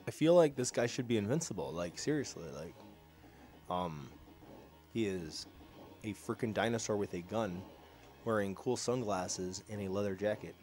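A young man hosting a casual let's-play, sarcastic and excitable, slightly ill and clearing his throat. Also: on the low side, moderate pace. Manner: sarcastic, reacting excitedly to gameplay. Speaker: gaming channel host. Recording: faint game music behind.

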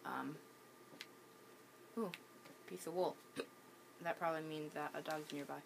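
Low voiced gal with hiccups narrating her game at home, lots of ums, stop-start. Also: fairly even intonation, measured pace, vocal fry, a little hiss or hum. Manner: hesitant, many ums and restarts. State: has the hiccups. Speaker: gaming channel host. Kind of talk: casual gameplay commentary.

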